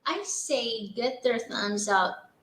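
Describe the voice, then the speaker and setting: A woman co-hosting a casual livestream who reads out viewer names and comments in an unhurried way. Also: fairly high pitch, lively intonation, a bit bright, roomy sound, a little hiss or hum, rough recording. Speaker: co-host reading viewer comments.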